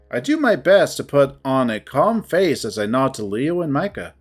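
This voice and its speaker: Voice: medium pitch, big pitch swings, normal speed, few pauses. A narrator giving a dramatic first-person reading of a visual novel.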